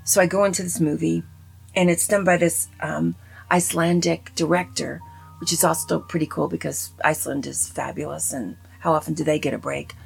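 A woman giving a casual spoken movie review in an animated, opinionated, rambling way full of asides. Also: low-pitched, a little fast, vocal fry, breathy edge, faint music behind. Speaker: film reviewer.

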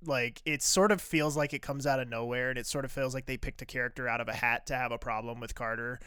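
Man, podcast co-host, casual recap, bright and crisp tone, dry close sound, lots of "uh" fillers. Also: medium pitch, steady tone, fast, no room sound. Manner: rambling, frequent "uh" fillers and restarts.

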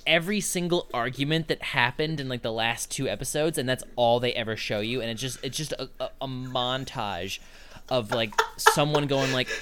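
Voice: mid-range voice, moderate pace, background noise. A podcast co-host chatting casually and joking with some fillers. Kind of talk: casual chat.

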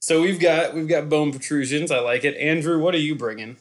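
A man's voice: fairly high pitch, fairly quick. Teasing man hosting a podcast. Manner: teasing, moves the talk along. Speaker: podcast host. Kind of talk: casual chat.

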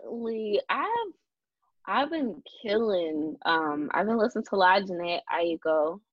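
A young woman chats on her podcast with a husky, low voice that rises and falls in lively swings. She rambles loosely, full of fillers and restarts. The dull, lo-fi sound is dry, with no room around it. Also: moderate pace, no room sound. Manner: rambling, many fillers and restarts, laughs often. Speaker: podcast host. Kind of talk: casual chat.

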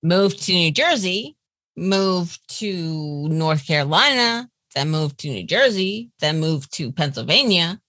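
A woman's voice: fairly low pitch, lively intonation, slow, a bit bright, no echo, clean studio sound. A woman in her fifties with a New York accent, a guest telling her life story in a candid, chatty way. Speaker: interview guest. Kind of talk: casual interview chat.

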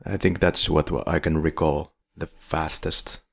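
A man's voice: extremely low pitch, level tone, unhurried, vocal fry, husky. A man co-hosting a film podcast in casual chat, wry and leading the questions. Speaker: podcast co-host.

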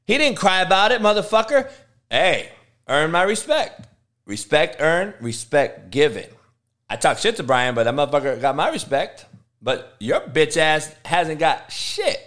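A man with a slightly high voice ranting live at his chat as a football coach. He curses constantly and confronts viewers, dropping to low mutters before climbing into loud, high-pitched tirades. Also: big pitch swings, a little slow. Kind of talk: livestream reply to chat.

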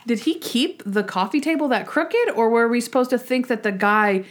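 A young woman co-hosting a podcast, chatting casually with a giggly, animated storytelling manner. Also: a little high, moderate pace. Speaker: podcast co-host. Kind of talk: casual chat, storytelling and episode review.

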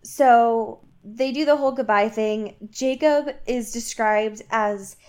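A woman co-hosting a casual chat podcast, retelling a book with laughter and quick voices for the characters. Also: a little high, a little mellow. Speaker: podcast co-host recapping a book.

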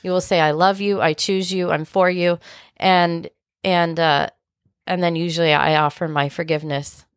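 A woman's voice: fairly low pitch, steady tone, normal speed, smooth, no room sound, clean studio sound. A woman co-hosting a marriage podcast, chatting casually with playful, teasing interjections. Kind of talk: casual conversational chat.

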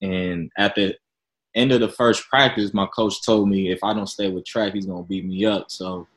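A young man from Chicago, a podcast guest, telling his story in a relaxed, chatty, self-deprecating way. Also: lowish voice, moderate pace, low-quality recording. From Chicago, Illinois. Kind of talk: casual interview storytelling.

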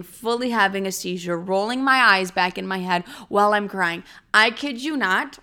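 A young woman hosting a podcast who tells a story in a casual, animated way, swearing freely. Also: clear, resonant tone. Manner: animated, crude, swears freely, acts out quotes in a high voice.

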